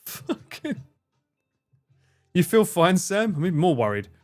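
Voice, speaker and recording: A man's voice: high-pitched, sing-song, fairly quick, a little mellow, faint music behind. Man chatting casually on stream. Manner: swears freely, laughs, banters with chat. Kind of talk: casual live-stream chat.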